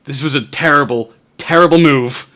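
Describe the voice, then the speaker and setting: A man's voice: a little high, moderate pace, pitched above the performer's own voice. A man doing a frantic adventurer back from death. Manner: shouting, terrified and breathless.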